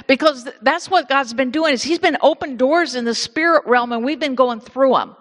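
A woman's voice: high voice, moderate pace, fairly bright tone, in a large hall. A woman with an Indiana accent praying and preaching in a church sanctuary, exuberant and laughing easily, repeating her words. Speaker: minister leading a church service. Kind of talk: prayer and sermon.

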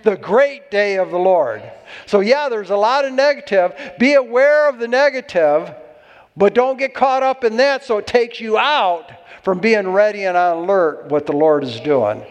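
A man's voice: sits high, animated, moderate pace, long reverb tail. A man preaching a sermon as pastor, exhorting and calling for amens from the congregation.

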